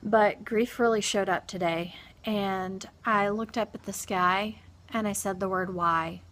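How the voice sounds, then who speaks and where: A grieving woman recounting a personal experience in a halting, soft-spoken monologue full of pauses and restarts. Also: mid-range voice, steady tone. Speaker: vlogger.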